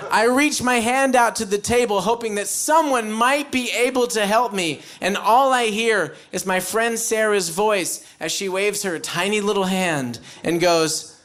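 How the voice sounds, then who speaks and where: An American man performing stand-up on stage, telling a story with animated acted-out bits and sudden loud outbursts. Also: sits high, a little slow, slight background noise. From United States. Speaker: stand-up comedian. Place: live comedy stage before an audience.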